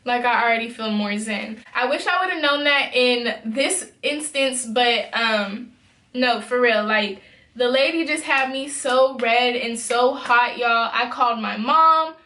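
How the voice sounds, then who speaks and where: Speaking directly to her audience, a young adult vlogger from Memphis, USA, tells an emphatic, fired-up storytime. Her fairly high, bright voice is forceful yet unhurried, and the room sounds reverberant.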